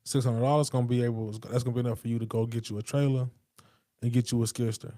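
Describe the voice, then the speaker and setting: A man's voice: medium pitch, little pitch movement, fast, dark tone, no room sound, clean studio sound. A man talking casually in a rambling, emphatic monologue, full of street slang and profanity. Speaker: podcast host.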